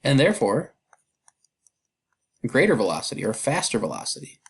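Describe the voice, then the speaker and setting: This chemistry lesson is a recorded walkthrough, with the male teacher chatting casually, using fillers and self-deprecating remarks as he solves problems. His mid-range voice has big pitch swings, a moderate pace, and a gravelly, husky quality.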